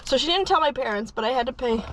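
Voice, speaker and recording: A woman in her twenties telling animated, laughing stories in a car, acting out the quotes. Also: sits high, quick pace, noisy background. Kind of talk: casual storytelling. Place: inside a car. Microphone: phone camera.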